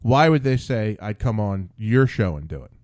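A man's voice: on the low side, moderate pace, dry recording, studio quality. A man hosting a casual podcast, rambling and restarting sentences as he chats with his guest. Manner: rambling, animated, restarts often. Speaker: podcast host.

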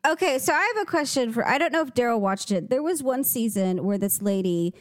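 Woman co-host, lively voice that swings a lot, dry close sound. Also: a little high, fairly quick, no room sound. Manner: expressive, jumps in with reactions. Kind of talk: casual chat.

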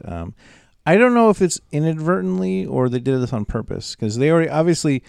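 Lively man riffing on movie trivia. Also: mid-range voice, normal speed, gravelly, smooth, no room sound, studio quality. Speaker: podcast co-host. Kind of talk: casual chat.

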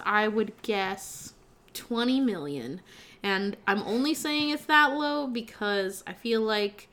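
A woman's voice: mid-range voice, fairly bright tone. Woman, podcast co-host, mid-range voice, blunt, swears freely. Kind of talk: casual movie review chat.

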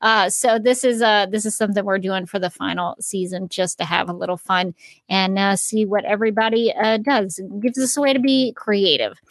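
A woman's voice: mid-range voice, moderate pace, dry recording, clean studio sound. A woman co-hosting a podcast in casual chat, chatty and giggly with lots of fillers. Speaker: podcast co-host.

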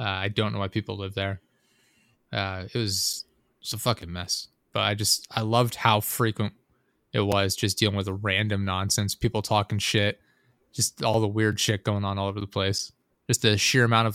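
A man's voice: lowish voice, fairly bright tone, no room sound, clean studio sound. A young man in casual chat, telling a rambling, profane story full of fillers and asides.

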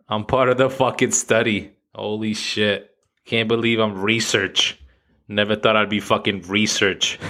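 Profane guy riffing on his podcast, lowish voice, bright punchy tone. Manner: crude, profane, laughing at own jokes. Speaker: podcast host. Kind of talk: casual comedic monologue.

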